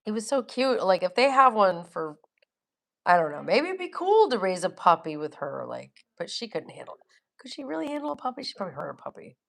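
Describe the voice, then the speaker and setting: A woman's voice: mid-range voice, very animated, fairly quick, creaky, fairly bright tone. A middle-aged woman chatting casually on her livestream, reading viewer comments, laughing often and swearing bluntly. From Florida. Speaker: livestream host.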